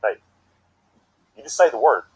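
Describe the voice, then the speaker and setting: A man with a Southern US accent performing a comedy sketch in an animated, exaggerated folksy way. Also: medium pitch, moderate pace, breathy edge, low-quality recording.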